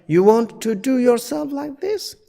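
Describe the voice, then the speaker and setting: Slow, earnest man teaching in halting English. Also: extremely high pitch, very animated, creaky, warm tone, long reverb tail. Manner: halting, non-native English full of fillers; earnest, pleading, repeats key points. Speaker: Buddhist teacher. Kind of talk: dharma teaching.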